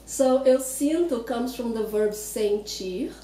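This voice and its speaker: A woman's voice: fairly high pitch, mellow, distant mic, a little hiss or hum. Brazilian woman teaching pronunciation in an echoey room. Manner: patient, demonstrates words slowly. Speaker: Portuguese teacher. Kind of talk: explaining pronunciation.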